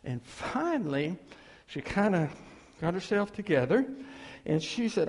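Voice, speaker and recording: A man, a pastor, telling a story in a sermon in an animated, folksy way. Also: high-pitched, measured pace, long pauses. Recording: long reverb of a large hall.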